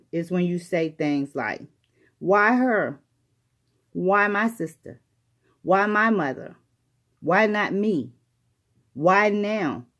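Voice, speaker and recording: A retired woman who works as a grief coach, speaking earnestly and personally to the listener and repeating phrases for emphasis. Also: lowish voice. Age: older. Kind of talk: motivational talk to camera.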